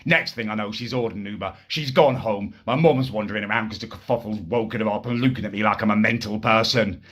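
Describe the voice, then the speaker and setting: A man's voice: lowish voice, fast, a bit bright. A man telling a crude comic story in an indignant, exasperated rant. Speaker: comedic ranter. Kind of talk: ranting comic monologue.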